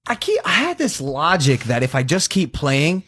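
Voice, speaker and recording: A man's voice: on the high side, wildly swooping pitch, normal speed, a bit bright, slightly rough. A young man hosting a podcast, chatting casually and joking at his own expense. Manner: joking, self-deprecating. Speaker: podcast host. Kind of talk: casual chat.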